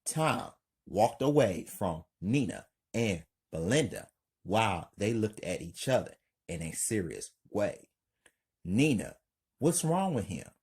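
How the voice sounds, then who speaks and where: A man's voice: fairly low pitch, lively intonation, darkish tone, husky. A man narrating an amateur crime story for his channel, reading plainly. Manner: slow, plain reading with hype outro.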